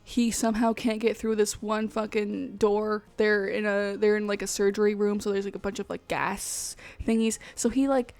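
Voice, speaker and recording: A woman hosting a casual movie recap, swearing freely and telling the story with animated energy. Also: mid-range voice, normal speed, few pauses, no echo. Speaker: host.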